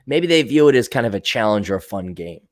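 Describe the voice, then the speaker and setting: Blunt, lively-pitched man ranting profanely. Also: fast. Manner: blunt, profane, animated, acts out quoted voices. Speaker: podcast host answering viewer comments. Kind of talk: casual opinionated monologue.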